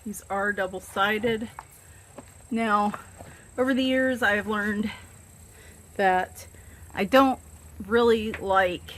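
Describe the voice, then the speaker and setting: Slow-talking Southern woman rambling casually. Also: medium pitch, a bit bright, slight background noise. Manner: rambling, self-deprecating, many fillers. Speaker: coloring book channel host. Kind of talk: casual chat showing books.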